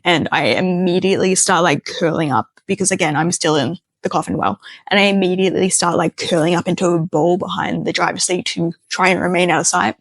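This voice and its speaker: Chatty woman storyteller, wry asides, lower voice, dry close sound. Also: brisk, dry recording. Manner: chatty, heavy use of filler "like", wry asides. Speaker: storyteller, doctor. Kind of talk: casual storytime.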